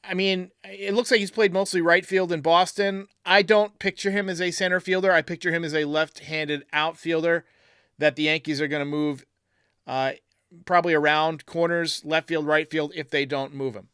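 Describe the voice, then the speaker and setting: Chatty live-stream host with a higher voice. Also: male voice, steady tone, normal speed, bright, forceful tone, clear, resonant tone, dry recording, studio quality. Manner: chatty, thinks aloud, reads viewer comments. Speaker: podcast host reading live chat. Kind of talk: casual live-stream talk.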